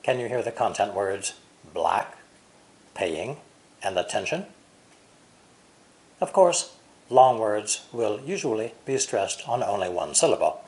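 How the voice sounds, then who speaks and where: A man with an American accent teaching English pronunciation, speaking deliberately and exaggerating stress and intonation. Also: fairly low pitch, animated, a little mellow. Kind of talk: pronunciation lesson.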